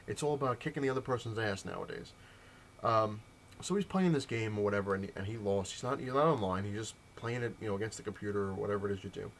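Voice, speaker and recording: A man's voice: fairly low pitch, fast talker, a little hiss or hum. Heated ranting male vlogger. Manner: heated, animated storytelling with mimicked dialogue. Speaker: comic collector vlogger. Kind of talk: casual ranting vlog.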